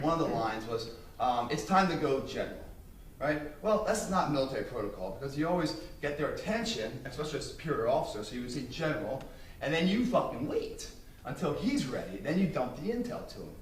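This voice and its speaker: A man giving a speech to an audience, telling brash, profane, animated stories. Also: medium pitch, brisk, slight background noise. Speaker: motivational speaker. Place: room with an audience. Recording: roomy, distant mic, faint ambience.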